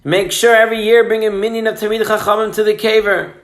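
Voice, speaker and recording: A man's voice: high-pitched, flat delivery, fast, pitched above the performer's own voice. A man voicing a dutiful eldest son who makes grand, reassuring promises to his father. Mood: eager. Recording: roomy echo.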